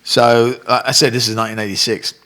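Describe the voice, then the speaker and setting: A man's voice: medium pitch, fast. An older man telling stories in a casual interview, swearing freely and acting out other people's voices. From England. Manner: animated storyteller, swears freely, acts out voices. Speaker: guest, Muay Thai fighter and coach.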